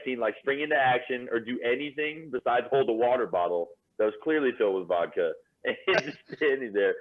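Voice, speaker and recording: A man guesting on a podcast, telling animated stories with lots of fillers and laughter. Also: mid-range voice. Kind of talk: casual storytelling. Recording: tinny phone-like line.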